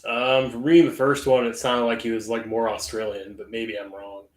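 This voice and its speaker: A man's voice: medium pitch, level tone, moderate pace, echoey room. A man co-hosting a podcast in casual chat, rambling with many fillers and restarts. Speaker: podcast co-host.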